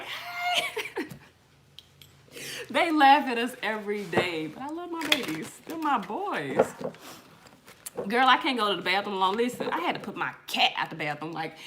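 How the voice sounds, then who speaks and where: A middle-aged woman doing a casual tarot reading, telling lively stories in slang and swearing as she talks to her viewers. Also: medium pitch, a little hiss or hum. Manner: animated storytelling, slangy, swears, addresses viewers as y'all. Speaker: tarot reader.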